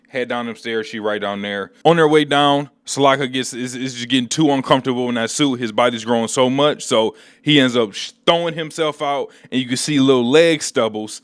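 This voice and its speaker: A man's voice: medium pitch, brisk, hardly any pauses, smooth, dry recording. A man hosting a casual comic book recap, telling the story in slangy, laid-back speech on a close mic.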